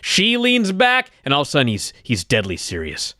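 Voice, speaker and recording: Lively, ranting man. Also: a little high, normal speed, no echo, studio quality. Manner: animated, exasperated ranting with swearing. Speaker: podcast co-host. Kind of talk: casual recap chat.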